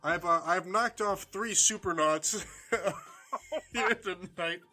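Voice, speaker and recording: A man's voice: high voice, takes it slowly, pushed and bright. A man co-hosting a podcast, rambling through beer reviews with lots of fillers and laughs. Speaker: podcast co-host. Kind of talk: casual chat.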